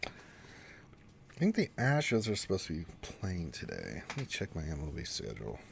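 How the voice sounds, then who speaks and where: A man's voice: deep voice, wildly swooping pitch, normal speed, vocal fry, slight background noise. A congested man with allergies, hosting a casual gaming livestream and rambling with cursing asides. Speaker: livestream host.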